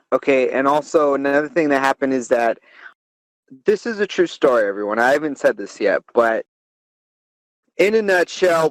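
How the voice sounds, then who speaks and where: A man's voice: mid-range voice, no echo, poor audio. A man hosting a comedy podcast, telling a crude story in a rambling, profane way and laughing as he goes. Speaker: podcast host.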